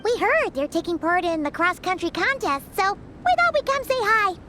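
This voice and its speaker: A cheerful high-voiced traveler. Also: female voice, very animated, moderate pace, background noise. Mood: friendly. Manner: friendly, chatty.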